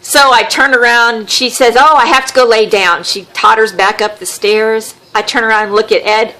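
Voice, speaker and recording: A woman with a Southern American accent, a podcast host telling a funny story in a casual, wry, animated way. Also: a little high, moderate pace. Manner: animated, wry storyteller who acts out quotes.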